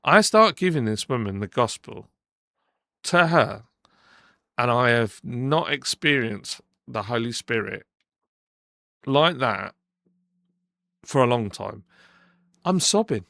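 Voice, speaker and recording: A man co-hosting a podcast, telling a personal story in casual chat, animated and acting out what people said, with frequent restarts. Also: mid-range voice, takes it slowly, gravelly, long pauses, no room sound, clean studio sound. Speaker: podcast co-host. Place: podcast studio.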